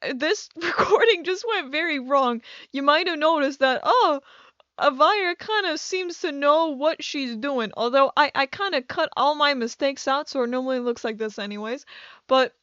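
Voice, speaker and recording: A woman's voice: high voice, expressive, normal speed, pushed and bright, no echo, lo-fi sound. A young woman rambling through casual gameplay commentary, scatterbrained and self-mocking, with a headache. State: has a headache. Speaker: gaming YouTuber.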